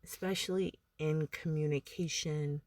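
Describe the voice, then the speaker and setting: Speaking at a measured pace with fairly even intonation, this woman has a low, slightly mellow voice in a dry recording. She gives casual motivational advice to camera as a vlogger, rambling, filler-heavy, using "like" often and laughing between thoughts.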